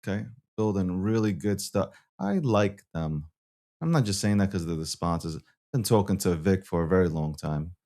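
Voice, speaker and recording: A man's voice: low-pitched, lively intonation, normal speed, a little mellow. Brash Brooklyn-accented man hosting a show. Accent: Brooklyn New York. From Brooklyn, New York. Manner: brash, swearing, repeats himself, stammering restarts. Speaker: show host. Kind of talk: casual live-stream talk show.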